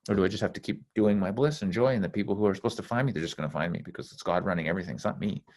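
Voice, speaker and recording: A man's voice: low-pitched, racing, a little mellow. A man talking casually on a call as a spiritual teacher, blunt and intense, swearing freely as he rambles. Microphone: call microphone.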